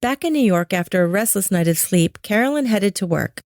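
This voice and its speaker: A woman narrating a podcast in a measured, scripted storytelling voice. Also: medium pitch, animated, a little mellow, dry recording, clean studio sound.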